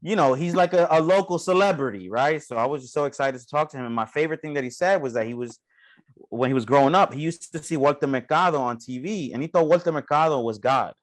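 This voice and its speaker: A man's voice: on the high side, fast talker. New guy on a podcast, chill storyteller, cusses a lot. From New York. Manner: laid-back storyteller, swears freely. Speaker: former co-host. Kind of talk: casual podcast chat.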